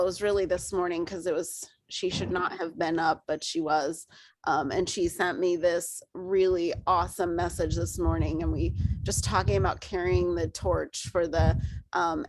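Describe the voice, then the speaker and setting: A woman's voice: on the low side, noisy background. A woman team leader giving a passionate, encouraging talk to her team.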